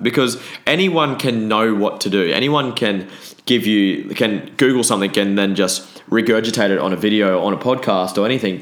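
A man's voice: fairly low pitch, fairly bright tone. A man, hosting a podcast and talking bluntly in a casual monologue, often swearing. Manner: blunt and frequently swearing, with restarts. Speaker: podcast host.

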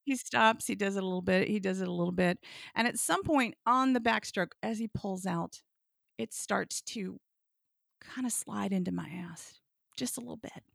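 Casting: woman storyteller, blunt and deadpan, slight fry, dry close sound. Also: medium pitch, moderate pace, no echo. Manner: frank, deadpan delivery with bursts of laughter. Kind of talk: comic personal storytelling.

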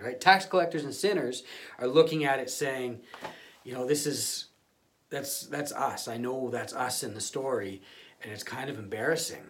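A man's voice: medium pitch, fairly bright tone, slight background noise. A male pastor giving a conversational sermon, often restarting and repeating words.

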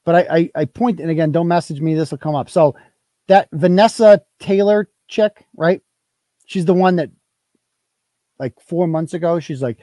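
A man's voice: high voice, animated, normal speed, dark tone, no room sound. Swearing host guy on a rant, voice jumps all over, dead dry sound. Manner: heated, swearing, repetitive. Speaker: live show host. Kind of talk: profane ranting commentary.

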